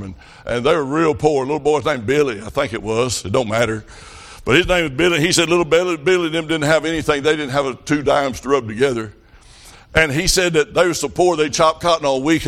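A man's voice: fairly high pitch, a bit bright. A man preaching a revival sermon, telling folksy country stories with fervent emphasis. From rural farm upbringing.

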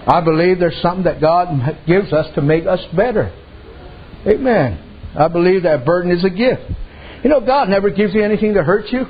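A man's voice: high-pitched, moderate pace. A man preaching a sermon, telling homespun stories and dropping frequent amens. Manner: folksy storytelling, frequent amens and "you know". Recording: muffled with faint background noise.

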